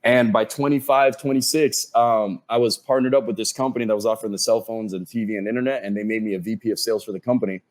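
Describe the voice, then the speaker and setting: A man's voice: fairly low pitch, fast, hardly any pauses. A man, a podcast guest, telling his career story with energy and acting out what other people said to him. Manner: animated storyteller who acts out quoted dialogue.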